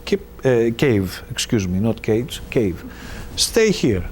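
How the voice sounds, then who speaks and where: A man's voice: medium pitch, very animated, slow, a little mellow, slight background noise, pitched below the performer's own voice. A man doing a distraught mother goddess. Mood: warning. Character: anxious mother goddess, later angry.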